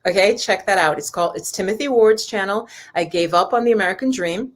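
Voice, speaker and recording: A woman hosting a relaxed live stream as a spiritual and yoga teacher. Her voice sits at an ordinary middle pitch. She chats on in a loose, rambling way and keeps turning to address her viewers directly. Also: fairly quick. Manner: chatty and rambling, talks straight to the viewers.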